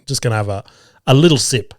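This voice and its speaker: A man's voice: mid-range voice, fast, no echo, clean studio sound. An Australian man hosting a podcast, telling a family story in a casual, profane, laughing way. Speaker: podcast host; father of two young boys.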